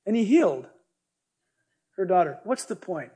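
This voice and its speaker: High-voiced husky guy preaching, lively and jokey, tells stories. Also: moderate pace. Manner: animated, jokey, storytelling preacher. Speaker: pastor. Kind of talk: sermon.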